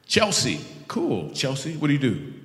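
A man's voice: medium pitch, huge pitch swings, moderate pace, fairly bright tone. A man doing stand-up comedy, teasing audience members in playful crowd work on stage with a handheld mic. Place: live show in a large venue with an audience. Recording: echoey hall with audience ambience.

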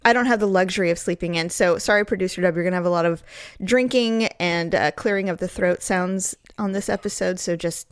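A woman's voice: lowish voice, fairly quick, clean tone, no echo. A woman in her forties co-hosts a podcast in easy casual chat, blunt and chatty, laughing often. Her morning voice sounds groggy and a little congested from allergies, and the sound is close and dry. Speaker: podcast co-host.

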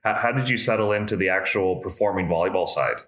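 A man's voice: low-pitched, fast talker, fairly bright tone. A man hosting a casual interview, asking long, rambling questions with restarts. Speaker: interviewer, host. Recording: echoey room.

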